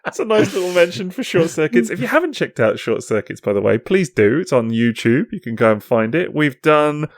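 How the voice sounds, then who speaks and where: Casual male podcast co-host, animated and laughing, steering the conversation; dry sound. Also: on the high side, a little fast, few pauses, no echo. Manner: lively, often laughing, jumps in to steer the talk.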